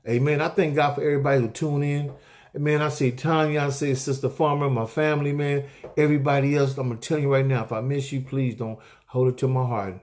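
Hosting a weekly inspirational talk, a middle-aged man preaches to his viewers with a medium pitch and a somewhat mellow tone. His delivery is exhorting and repetitive, punctuated by calls of amen.

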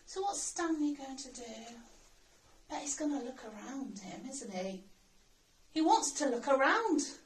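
A woman's voice: sits high, animated, slight background noise. Lady teacher, sounds out words bit by bit, mic a little far off. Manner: slow, sounds out words letter by letter. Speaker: primary school teacher. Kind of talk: recorded writing lesson. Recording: roomy sound, mic at a distance.

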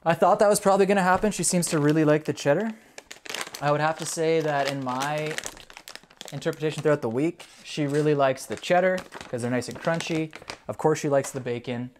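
A dog owner hosting a casual video, giving a puppy quick commands and upbeat play-by-play commentary. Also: mid-range voice, a little hiss or hum.

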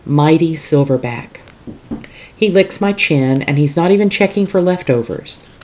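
A teacher reading a novel aloud to a class in a calm, steady storytelling manner. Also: mid-range voice, normal speed.

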